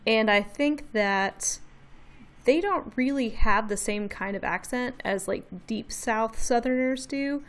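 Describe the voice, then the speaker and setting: A woman in her thirties from Tennessee with a light Southern accent, a designer chatting as an interview guest, upbeat and quick to laugh. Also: a little high. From Memphis, Tennessee. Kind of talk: casual interview chat.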